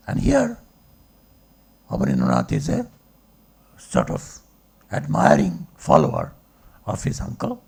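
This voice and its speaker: A man's voice: medium pitch, gravelly, husky. A man, a philosophy professor, giving a discursive public lecture and checking in with the audience with rhetorical questions. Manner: discursive, asks rhetorical checks like okay and right.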